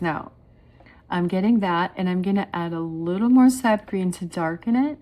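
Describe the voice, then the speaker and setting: A middle-aged woman with a low-pitched voice talks her viewers through a watercolor painting step by step. She is chatty and encouraging, calling the audience "guys" as she works. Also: moderate pace, warm tone. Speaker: watercolor art teacher.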